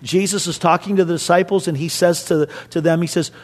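High-voiced man preaching a sermon. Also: fairly even intonation, a little fast. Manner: conversational, storytelling, acts out quoted voices. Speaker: pastor.

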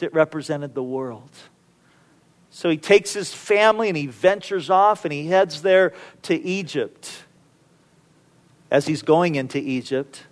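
A man preaching a sermon, telling a scripture story in a casual, playful way and acting out the characters. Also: a little high. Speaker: pastor.

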